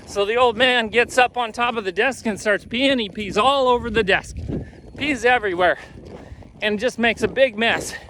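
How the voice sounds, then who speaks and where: A horse trainer telling a folksy joke while riding a horse outdoors. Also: male voice, very high voice, bright, forceful tone, slight background noise, poor audio. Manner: folksy, easygoing.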